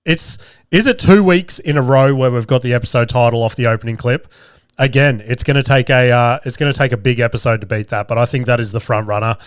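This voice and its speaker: A man in his thirties hosts a comedic podcast, rambling casually with crude, profane jokes. His medium-pitched voice is fast and clean, though a little stuffy and nasal as he gets over a cold, and the close, dry recording has no room sound.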